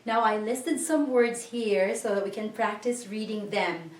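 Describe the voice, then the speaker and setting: A woman teaching a language lesson, slowly and patiently breaking words into syllables and asking learners to repeat. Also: medium pitch, a little mellow, a little hiss or hum. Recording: echoey room, voice a bit far from the mic.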